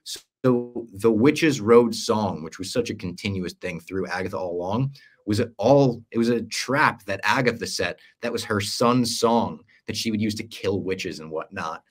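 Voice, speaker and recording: Recapping a series at length on a casual podcast, a young male co-host brings the story to life by acting out quoted lines. His voice is on the low side and slightly rough, and his pace is measured.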